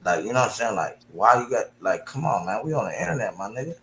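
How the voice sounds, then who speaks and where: A man's voice: on the low side, big pitch swings, quick pace, fairly bright tone, roomy sound, a little hiss or hum. A man arguing on an online panel, confrontational and profane, over a call mic. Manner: confrontational, profane street slang. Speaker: panel participant. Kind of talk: heated online panel argument.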